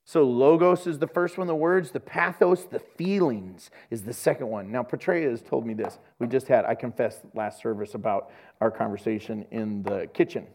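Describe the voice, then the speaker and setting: A man's voice: medium pitch, normal speed, few pauses. A man preaching a sermon as pastor, speaking passionately and acting out the voices of the people he quotes. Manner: animated, jumps between soft asides and loud bursts.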